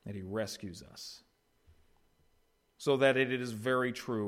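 A man preaching an expository sermon as pastor, swinging between quiet, low passages and loud, raised ones. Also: slow. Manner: swings from quiet to loud, acting out quoted voices.

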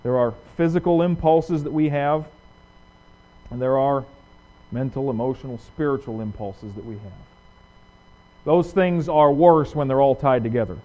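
A male pastor preaching a sermon, asking rhetorical questions and swinging from loud emphasis to hushed lines. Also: medium pitch, moderate pace, long pauses. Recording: dull lo-fi recording.

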